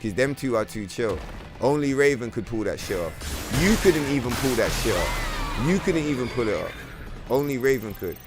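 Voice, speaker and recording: A man's voice: mid-range voice, expressive, normal speed, loud music behind the voice. A man streaming a game, rambling in a casual, profane, slang-heavy way. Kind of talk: casual livestream chat.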